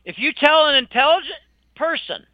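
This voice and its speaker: High-voiced, indignant older man. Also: expressive, moderate pace, dry recording. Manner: emphatic, indignant, scornful. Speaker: interview guest. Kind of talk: opinionated conversational monologue. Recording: dull lo-fi dry recording.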